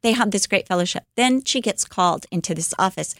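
Brief: woman podcast storyteller, animated, chatty, mid pitch, dry close sound. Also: brisk, no echo. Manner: animated storyteller, fillers, acts out quotes. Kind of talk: casual retelling of a life story.

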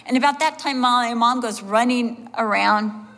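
A woman pastor preaching a sermon, telling animated personal stories and acting out the voices of the people in them. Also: on the high side, a little slow. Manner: animated storyteller, acts out voices, laughs along. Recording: long hall reverb.

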